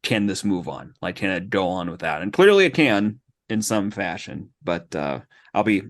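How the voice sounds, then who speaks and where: A man's voice: low-pitched, lively intonation, normal speed. A man co-hosting a podcast, reflecting on a movie series in a thoughtful way. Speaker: podcast co-host. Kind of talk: casual movie discussion.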